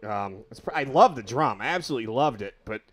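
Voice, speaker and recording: A man's voice: medium pitch, expressive, fast talker. A man hosting a live drum chat, rambling eagerly and stumbling over his words like a fan. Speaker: host. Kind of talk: casual chat, live stream.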